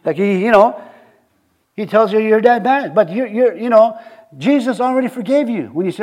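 A man's voice: sits high, animated, brisk, a little mellow. A middle-aged man preaching a sermon in a conversational way, often repeating words and building to emphatic points.

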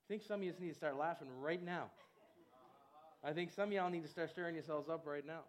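High-voiced, exuberant male preacher. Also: fast talker. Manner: exuberant, bursts into loud laughter, repeats words. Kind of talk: sermon.

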